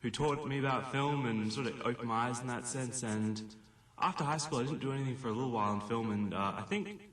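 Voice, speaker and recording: A man's voice: medium pitch, quick pace, fairly bright tone, echoey room, recorded from a distance. An Australian man from Perth, a filmmaker guest on a radio interview, talking earnestly with many fillers and restarts. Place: radio studio.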